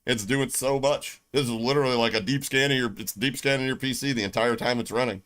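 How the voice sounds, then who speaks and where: A man's voice: medium pitch, quick pace, a bit bright. Middle-aged Southern American man, blunt and profane, streamer ranting to his chat. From United States. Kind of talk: casual livestream rant.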